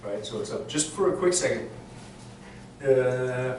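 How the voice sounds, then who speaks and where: A man's voice: mid-range voice, lively intonation, a little slow. A man coaching a chorus rehearsal, often singing phrases to show how they should go. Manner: sings phrases to demonstrate, many restarts. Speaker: vocal coach. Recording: echoey room, mic far off, background noise.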